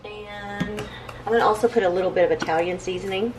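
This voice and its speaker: A woman's voice: medium pitch, fast, loud music behind the voice. Chatty woman cooking at home. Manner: chatty, relaxed, says y'all often. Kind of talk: casual cooking chat. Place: home kitchen.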